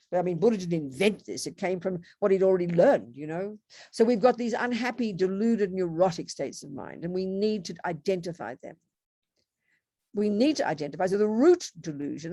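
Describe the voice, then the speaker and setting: A woman's voice: lowish voice, mellow, no echo, studio quality. A woman with an Australian accent giving a Buddhist teaching, speaking bluntly and emphatically. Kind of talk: online Dharma talk with discussion.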